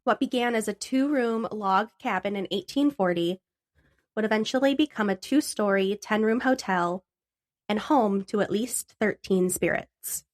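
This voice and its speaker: A woman's voice: mid-range voice, normal speed. A young adult woman co-hosting a podcast, chatting casually with frequent laughs and swearing, then reading out history. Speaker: podcast co-host.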